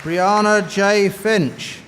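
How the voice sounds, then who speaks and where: A man announcing graduates' names at a commencement in a formal, measured way, through a podium microphone. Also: high voice, fairly even intonation, fairly bright tone. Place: large commencement hall. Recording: echoey hall over a PA with crowd noise.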